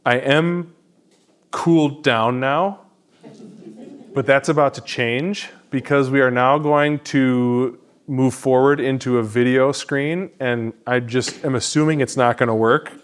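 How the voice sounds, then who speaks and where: A man's voice: mid-range voice, steady tone, slow, clear, resonant tone. A man, a pastor, teaching an adult education class in a church classroom in a conversational, self-deprecating way.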